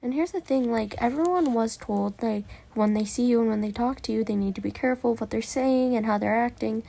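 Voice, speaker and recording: A woman's voice: fairly high pitch, a little fast, gravelly, warm tone. A young woman, a voice actor, narrating her listener role-play casually with lots of fillers. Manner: rambling, filler-heavy storytelling.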